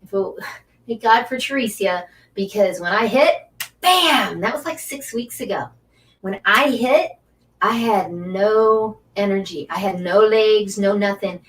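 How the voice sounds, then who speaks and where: A woman's voice: medium pitch, measured pace, distant mic. A woman hosting a casual live stream, chatty and effusive, cheering on and encouraging her viewers. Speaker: angel card reader and Reiki teacher hosting a live stream.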